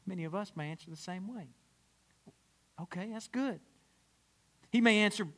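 A man's voice: high-pitched, moderate pace, pauses often, fairly bright tone. A male pastor preaching a sermon, acting out the voices of people in his story.

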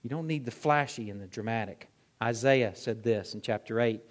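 At a normal pace, a man in the role of pastor preaches a sermon, peppering his listeners with rhetorical questions. He alternates between booming emphasis and soft, low passages.

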